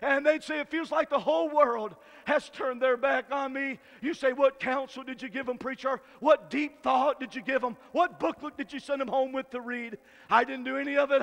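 A man from Michigan preaching a fiery Baptist revival sermon in folksy rural talk, shouting at the peaks and stretching out key words. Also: very high-pitched, steady tone, long reverb tail. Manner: shouting climaxes and slow drawn-out emphasis.

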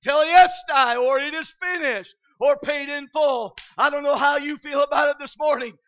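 A man from Michigan preaching an impassioned revival sermon, often shouting and filling pauses with "uh". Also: very high-pitched. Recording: dull lo-fi recording.

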